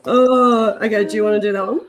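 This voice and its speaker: A woman's voice: medium pitch, steady tone, fairly quick, noisy background. An Australian woman in her forties co-hosting a livestream, leading a slang game. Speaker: co-host. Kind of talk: casual livestream chat.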